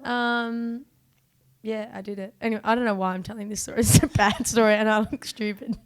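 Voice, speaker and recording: A woman's voice: on the high side, little pitch movement, smooth. A woman co-host with an Australian accent, teasing and quipping in casual chat. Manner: teasing, quick quips.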